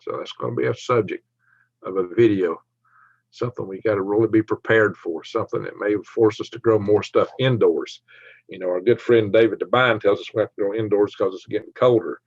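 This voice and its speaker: Southern guy w a twang, lowish voice, talks quick and laughs a lot, dull dry stream audio. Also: steady tone, creaky, dry recording. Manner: fast talker, laughs often, jokey. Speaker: livestream host. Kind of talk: casual livestream chat reading viewer comments.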